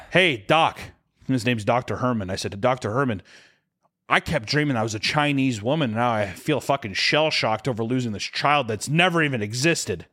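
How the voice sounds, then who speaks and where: A drunk man telling a comic podcast story in a rambling, profane way, now and then breaking into shrill screams for a bit. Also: moderate pace, bright, forceful tone. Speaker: podcast co-host. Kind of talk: comedic storytelling.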